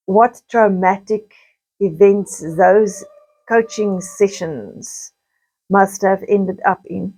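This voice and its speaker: Middle-aged woman, unhurried hesitant personal storytelling, average pitch. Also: darkish tone, poor audio. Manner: slow, halting, with frequent restarts and pauses. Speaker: vlogger recounting childhood memories.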